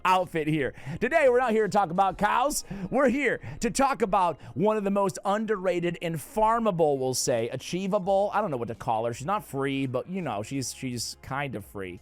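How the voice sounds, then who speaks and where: A man with a New England accent giving casual gaming commentary, playful and jokey with sudden excited outbursts. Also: fairly high pitch, normal speed, hardly any pauses. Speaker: game guide creator.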